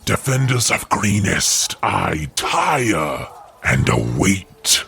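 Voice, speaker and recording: A deep, gravelly dragon-kin warlord, as a game master puts him on, letting each threat roll out slowly. The pitch swoops low and high while the fry grinds underneath. Cold, commanding menace in a tabletop game. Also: male voice, sing-song, fairly bright tone, shouting, slight background noise, heavily acted. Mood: menacing. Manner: menacing, commanding, drawn-out delivery. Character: imperious blue dragon-kin warlord, male adult.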